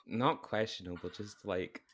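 A young man in his twenties rambles through stories with a lot of laughing and a camp edge. His voice is very low. The sound is dry and close. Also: unhurried, fairly bright tone, no echo. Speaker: podcast co-host. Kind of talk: casual chat.

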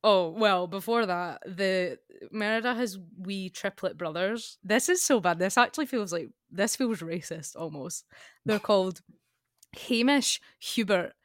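A young woman, co-hosting a podcast in casual chat, laughing often between quick asides. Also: mid-range voice, no echo, clean studio sound. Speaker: podcast co-host.

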